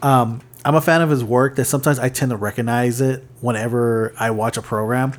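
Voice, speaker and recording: A man's voice: mid-range voice, steady tone, fairly quick. A man co-hosting a casual podcast chat, rambling with many fillers and restarts while reading from notes. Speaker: podcast co-host.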